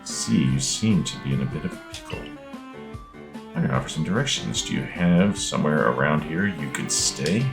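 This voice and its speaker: A man with a low, gravelly voice reading aloud the lines of a polite, fussy male Pokémon professor in a mock-formal tone, with game music behind. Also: lively intonation, moderate pace, full character voice. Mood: courteous. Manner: read aloud from on-screen text in a mock-formal tone.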